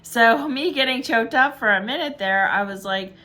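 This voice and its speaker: A woman giving a casual tarot reading, upbeat and encouraging, chatting warmly to her viewers. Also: fairly high pitch, moderate pace. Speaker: tarot reader.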